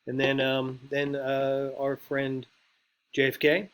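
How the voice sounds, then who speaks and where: A man teaching speechwriting in a loose, rambling way, full of ums and you-knows. His voice sits at an ordinary middle pitch, and he talks to the class conversationally rather than reading from a script. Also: completely flat delivery, a bit bright, smooth. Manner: rambling and conversational, with filler words and quick impressions. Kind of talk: casual lecture on speechwriting.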